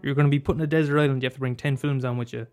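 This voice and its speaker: A man rambles about films in a casual, animated way, swearing often and leaping up in pitch when he gets worked up. His voice sits at a middling pitch. Faint guitar music plays behind him. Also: rapid-fire, clean tone. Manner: animated, swears freely, bursts into high exclaims. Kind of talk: casual film chat.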